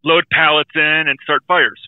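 Candid podcast co-host on a tinny line. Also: male voice, a little high, steady tone, moderate pace, no room sound. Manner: candid, rambling, self-aware asides. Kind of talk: casual podcast chat.

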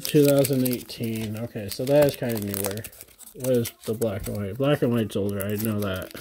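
A man in his thirties chats casually with viewers at home while opening trading card packs, excitedly gushing over each card. His voice is fairly low and his speed normal, with a little hiss or hum on the recording.

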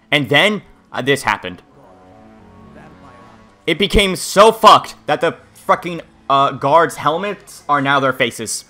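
A man's voice: mid-range voice, lively intonation, moderate pace, sharp tone, faint music behind. A man streaming a game, chatting casually with viewers in a crude, rambling, joking way. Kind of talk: casual livestream gameplay commentary.

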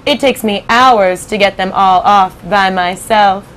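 A woman's voice: mid-range voice, measured pace, a bit bright, slight background noise, close to an everyday voice. A woman reading aloud to a class, voicing a hearty, bossy male centipede from a storybook.

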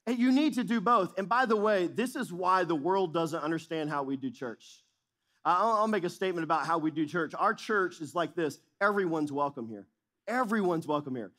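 A man's voice: high voice, a little fast, fairly bright tone. A middle-aged man preaching a sermon as pastor, speaking with emphatic repetition and shifting intensity.

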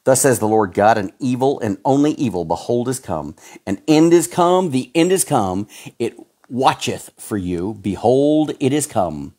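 A male pastor delivers a fiery sermon, his voice swinging widely from low, grumbling asides to high, strained shouts. His pitch is very lively, and his folksy slang keeps him sounding blunt and direct. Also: a little slow. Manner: folksy slang, calls listeners pal and folks.

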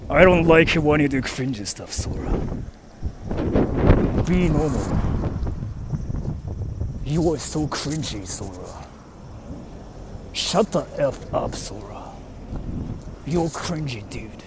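A man imitating a scornful young man who scolds a friend, in a low, muttered, dismissive voice. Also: animated, slow, long pauses, heavy background noise.

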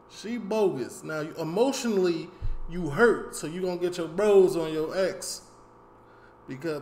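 A man's voice: sits high, a little mellow. A man hosting a reaction video, commenting in a candid, opinionated, conversational way. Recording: echoey room.

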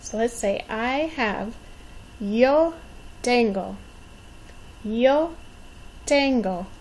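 A woman in her forties, a teacher giving a patient Spanish lesson for young children, modeling words slowly and encouraging them to repeat. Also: a little high, expressive, a little mellow, a little hiss or hum, low-quality recording. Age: 40s. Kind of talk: slow, clearly enunciated language lesson.

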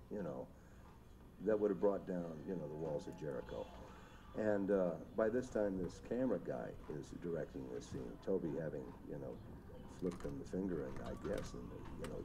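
Deep-voiced man telling lively anecdotes. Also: a little hiss or hum. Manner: rambling anecdotes with vivid impressions. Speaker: makeup artist. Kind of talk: recorded commentary interview.

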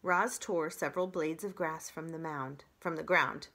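Female librarian, children's read-aloud, expressive, bright forceful tone. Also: deep voice, moderate pace.

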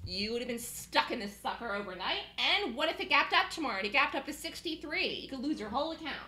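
A woman's voice: high voice, lively intonation, quick pace, bright, forceful tone, echoey room. A woman coaching a trading student in a live lesson, emphatic and repeating her points.

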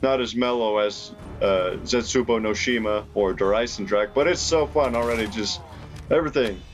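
A young man giving casual gameplay commentary, reacting excitably with laughs and rambling remarks. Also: on the low side, moderate pace. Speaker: gaming YouTuber. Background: game music.

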